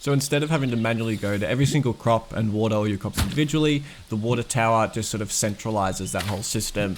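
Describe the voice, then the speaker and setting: A man's voice: fairly low pitch, a little hiss or hum. A game developer, a man, casually walking through his progress in a dev diary, rambling and enthusiastic with lots of fillers.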